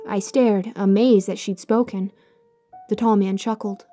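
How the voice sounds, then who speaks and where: Brief: woman narrator for a horror story, mid-pitched and warm, hushed and suspenseful. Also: steady tone, unhurried, soft background music.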